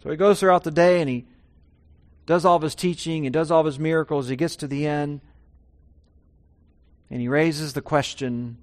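Male pastor, sermon delivery, slightly high voice, emphatic rises and quiet drops. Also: steady tone, normal speed, long pauses. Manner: emphatic preaching, voice swells high then drops low.

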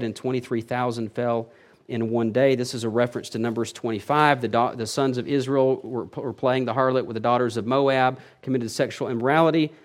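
A man preaching an expository sermon, reading verses aloud and explaining them with emphatic swells and frequent restarts. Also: mid-range voice. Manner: emphatic, rising and falling in loudness, self-correcting restarts. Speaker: pastor.

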